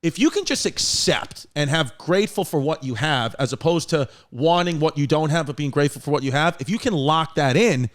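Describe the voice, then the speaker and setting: New york guy in his 30s, podcast host, cussing and cracking up, kinda high voice. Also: fairly quick, hardly any pauses. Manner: animated, profane, laughs often. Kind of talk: casual podcast chat.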